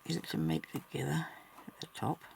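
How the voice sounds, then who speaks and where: Woman, very gravelly voice, chatty crafting vlog, muttering to herself, faint background hiss. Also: a bass voice, sing-song, brisk, darkish tone. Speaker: crafter narrating her embroidery work. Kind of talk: casual talk-along crafting vlog.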